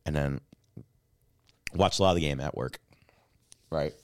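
A man co-hosting a podcast, telling a rambling, excitable story full of swearing, and breaking into yells when worked up. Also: very deep voice, unhurried, clear, resonant tone. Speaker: podcast co-host. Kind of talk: casual chat.

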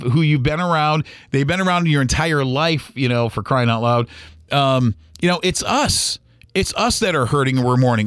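A man's voice: on the high side, fairly bright tone, no echo, studio quality. A middle-aged man hosting a podcast, talking in a casual personal monologue that rambles with many restarts. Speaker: podcast host.

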